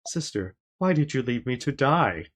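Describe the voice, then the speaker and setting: A man's voice: mid-range voice, very animated, normal speed, a little hiss or hum, lightly acted. A man doing a bitter accusing brother. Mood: resentful. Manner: accusing, resentful. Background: game music.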